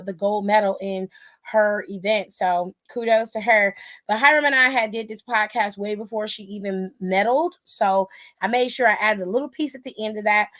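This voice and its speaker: A young woman with a medium-pitched, slightly bright voice hosts a casual live-streamed wrestling aftershow. She's blunt and dismissive, cursing plenty as she recaps.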